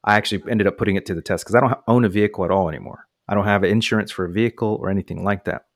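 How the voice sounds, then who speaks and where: An American man with a lowish voice speaks very fast, casually telling a long personal story and acting out what the people involved said. The recording is studio quality with no echo.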